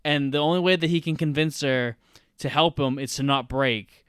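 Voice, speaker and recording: A man co-hosting a casual film podcast, excitedly retelling a scene blow by blow and swearing freely. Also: on the high side, normal speed, clear, resonant tone, dry recording, studio quality. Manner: excitable, profane play-by-play retelling. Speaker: podcast co-host.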